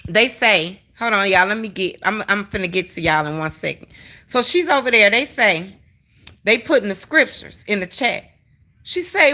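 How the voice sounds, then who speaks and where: A woman livestreamer rants emphatically to her chat, swearing a lot as she addresses viewers directly in heated commentary. Her voice is fairly high, bright and forceful, expressive in delivery though a little slow.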